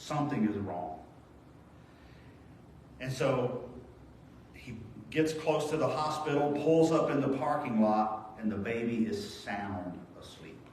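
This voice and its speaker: A man's voice: mid-range voice, measured pace, slight background noise. Man preaching in a very echoey hall. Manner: earnest, storytelling, shifts from raised emphasis to quiet reflection. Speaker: pastor. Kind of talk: sermon. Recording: very echoey church hall, voice from far off.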